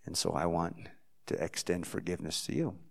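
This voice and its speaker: A man voicing a remorseful older father who speaks softly and earnestly as he apologizes. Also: deep voice, normal speed, creaky.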